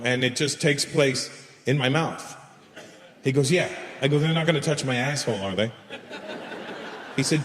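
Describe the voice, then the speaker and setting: Stand-up comic man in an echoing hall. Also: medium pitch. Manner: storytelling with acted dialogue and crude jokes. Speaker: stand-up comedian. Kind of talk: stand-up comedy set. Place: large live venue with laughing audience. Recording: roomy echoing hall, faint ambience.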